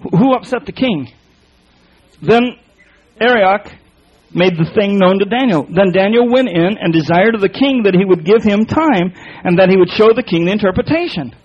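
A man preaching a sermon, explaining a Bible passage in an emphatic, folksy way with repeated words and quick restarts. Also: high voice, expressive, darkish tone, breathy edge, dull audio.

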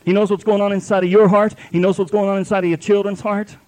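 Guy preaching at church, pretty high voice, fervent and folksy, keeps repeating himself. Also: little pitch movement, fast talker, darkish tone. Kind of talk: sermon.

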